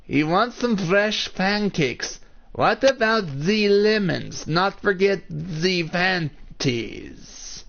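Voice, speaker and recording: A man putting on a goofy man's voice with a clumsy mock foreign accent, pitched high. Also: animated, drawn-out words, vocal fry, a bit bright, heavily acted. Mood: silly. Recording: dull lo-fi mic.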